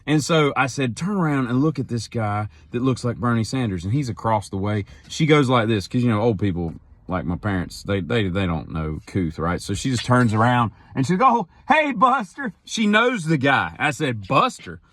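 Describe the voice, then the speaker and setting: A middle-aged man telling a rambling, wry story straight to camera, breaking into loud mock-outraged quotes. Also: fairly low pitch, lively intonation, moderate pace. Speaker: daily vlogger. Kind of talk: casual storytelling monologue.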